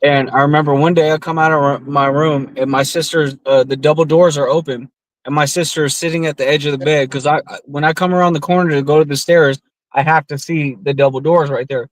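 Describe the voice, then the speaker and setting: A man's voice: a little high, steady tone, brisk, dry recording, rough recording. Profane, rambling man telling a story. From US West Coast. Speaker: podcast co-host. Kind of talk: casual storytelling among friends.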